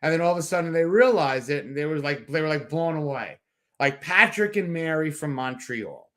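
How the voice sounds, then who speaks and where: Excitable, rambling man, slightly high voice. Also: a little fast. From New York. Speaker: podcast co-host. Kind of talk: casual sports chat.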